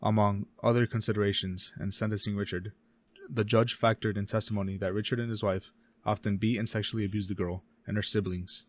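Casting: deep-ish male podcast co-host, dry close sound, quick reading with stumbles and self-corrections. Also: little pitch movement, no echo. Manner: reads case notes fast, stumbles and corrects himself. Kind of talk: casual true-crime podcast reading.

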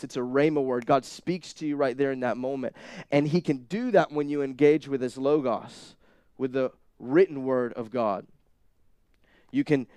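Young male pastor, energetic sermon delivery, higher register, dry close sound. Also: clean tone, dry recording. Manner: energetic, swings from hushed asides to loud emphatic bursts.

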